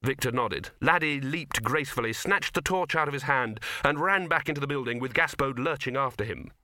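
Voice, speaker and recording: A man serving as an audiobook narrator reads a novel aloud in steady, measured scripted narration. His mid-range voice is bright and clear, and the recording is close and dry with no room sound.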